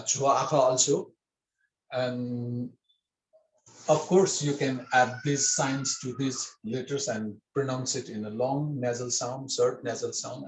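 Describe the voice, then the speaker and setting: A man's voice: medium pitch, reverberant, poor audio. A man teaching a script class online, patiently spelling out syllables with hesitant fillers.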